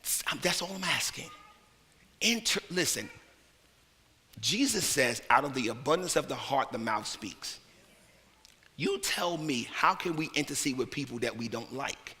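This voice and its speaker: A male minister preaching a lively, conversational sermon, slipping into colloquial talk and playful put-on voices. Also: mid-range voice, normal speed. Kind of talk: lively sermon with acted asides. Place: church sanctuary. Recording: long hall reverb from church sanctuary.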